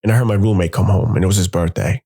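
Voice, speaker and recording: A young man telling a personal story in a casual, animated way, jumping into his friends' voices when he quotes them. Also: low voice, very fast, gravelly, husky.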